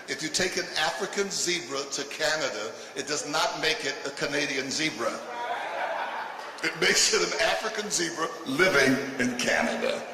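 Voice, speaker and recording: An older man doing stand-up comedy with a provocative, punchy delivery that breaks into shouts. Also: fairly high pitch, lively intonation, moderate pace. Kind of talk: stand-up routine. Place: live comedy stage. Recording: echoey live venue from a distance with noise.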